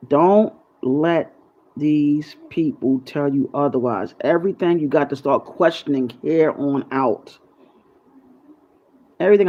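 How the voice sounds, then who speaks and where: A man's voice: fairly high pitch, darkish tone. Rambling, conspiratorial man on a lo-fi mic. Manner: loose, rambling, conspiratorial, curses freely. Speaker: YouTube channel host. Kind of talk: casual freestyle monologue to viewers.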